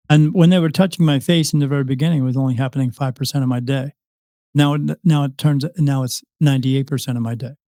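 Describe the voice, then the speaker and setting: A man's voice: mid-range voice, darkish tone, no room sound, studio quality. A man, a psychic medium, telling a long story as a podcast guest, rambling with restarts and acted-out dialogue. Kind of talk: casual interview storytelling.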